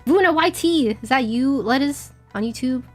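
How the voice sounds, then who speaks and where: A young woman streaming a game, chatting casually in a giggly, rambling, self-deprecating way, her throat a little dry and husky. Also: high voice, normal speed, faint music behind. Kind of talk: casual gaming stream chat.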